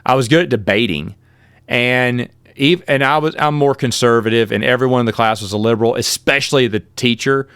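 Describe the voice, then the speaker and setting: A man's voice: medium pitch, brisk, a bit bright, clear, resonant tone, no echo. A middle-aged man hosting his own podcast, telling casual stories and often correcting himself mid-sentence. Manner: rambling, self-correcting, quotes others in shifted voices. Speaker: podcast host. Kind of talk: casual solo storytelling.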